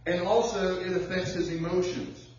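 A man's voice: high voice, steady tone, a little mellow, slight background noise. Man preaching in a distant echoey church. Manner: conversational preaching with personal stories, drawling slow emphasis. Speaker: pastor. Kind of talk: sermon. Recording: echoey church heard from far off, dull sound.

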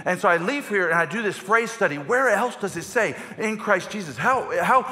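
A man pastor preaching a sermon from a church stage, animated and emphatic, often repeating phrases for effect. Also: high voice, normal speed. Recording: long hall reverb of a church.

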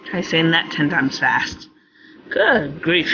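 A woman's voice: deep voice, big pitch swings, slow pace, muffled recording, heavy background noise. A woman in her forties commenting casually on a game she is playing, with chatty asides. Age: 40s. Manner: chatty asides between reading game text. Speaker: gameplay video host. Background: loud game music.

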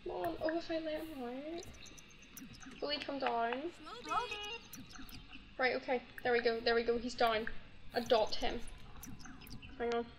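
A woman's voice: high-pitched, steady tone, a little slow, pauses often. A young woman commenting on her gameplay in a casual chat, gushing and cooing over a pet in baby talk. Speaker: gaming YouTuber. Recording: slightly dull audio with game music.

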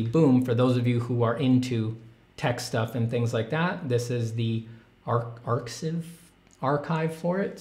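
A man's voice: medium pitch, darkish tone. A man hosting his art channel in casual livestream chat, rambling enthusiastically with many fillers. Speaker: artist and channel host.

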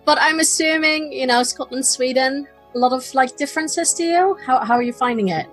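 A woman's voice: high-pitched, fairly quick, hardly any pauses, fairly bright tone, faint music behind, low-quality recording. A woman hosting a podcast, talking in a chatty, giggly way with frequent restarts. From Netherlands. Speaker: podcast host. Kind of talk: casual podcast chat.

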